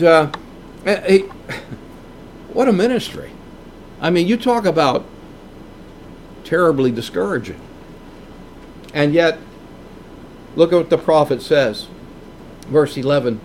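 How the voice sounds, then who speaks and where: A man preaching a sermon in a slow, emphatic way, with big swings in pitch for emphasis. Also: a little hiss or hum.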